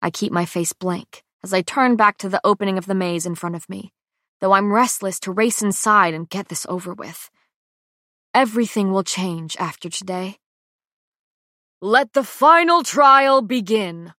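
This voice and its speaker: A woman narrating a first-person audiobook with a tense, dramatic delivery that drops to hushed lines, recorded on a close mic in a booth. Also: mid-range voice, steady tone, moderate pace, dry recording.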